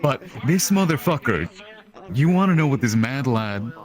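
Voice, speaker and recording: A young man telling a long, profane story in animated casual talk, acting out the quotes, over online voice chat. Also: mid-range voice, normal speed.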